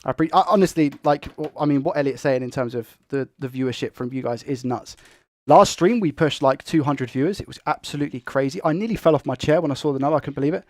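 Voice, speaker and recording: Man, young adult, fast and excitable talker, live stream host, dry. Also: fairly high pitch, dry recording. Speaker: tech livestream host. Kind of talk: live stream chat, reading viewer comments.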